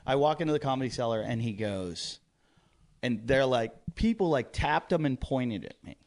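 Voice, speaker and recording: A man guesting on a comedy podcast in a studio tells a lively story with plenty of swearing. His voice sits at an ordinary middle pitch. He mimics the people he talks about as he goes. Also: normal speed. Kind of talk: casual chat, storytelling.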